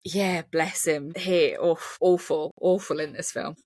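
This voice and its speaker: A woman's voice: sits low, fairly even intonation, measured pace, a little mellow. A woman film critic, a guest on a podcast, chatting casually and bluntly, swearing as she retells scenes. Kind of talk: casual film review chat.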